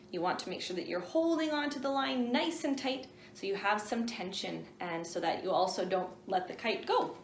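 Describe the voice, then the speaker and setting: A young woman teaching an online lesson to grade one children, speaking clearly and encouragingly. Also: mid-range voice. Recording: echoey room with faint hum.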